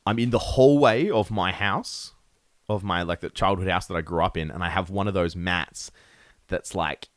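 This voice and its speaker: Laid-back low-voiced man. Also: normal speed, no room sound, clean studio sound. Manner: laid-back, laughs often, rambling with fillers. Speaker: podcast guest, metal musician. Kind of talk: casual chat.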